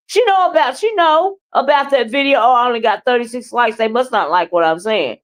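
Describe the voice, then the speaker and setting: A woman's voice: fairly high pitch, brisk, hardly any pauses. Blunt, profane woman commentator. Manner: blunt, profane, animated, trash-talking. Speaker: livestream commentator. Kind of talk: live commentary and chat with viewers.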